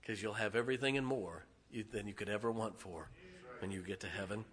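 A middle-aged man preaching a sermon to his church congregation, swinging from shouted emphasis to hushed, tender asides. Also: on the low side, a little fast, slightly rough. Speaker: pastor. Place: church sanctuary.

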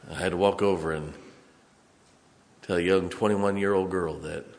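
A man preaching a sermon as pastor, telling stories from the pulpit and breaking into song and shouts. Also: low-pitched, fairly even intonation, moderate pace, gravelly, big-room sound, slight background noise. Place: church sanctuary.

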